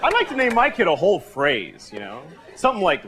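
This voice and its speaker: A man performing a deadpan, conversational stand-up routine on a television studio stage. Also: fairly high pitch, fast talker, hardly any pauses. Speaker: stand-up comedian. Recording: live studio audience laughing. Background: audience laughter and room noise.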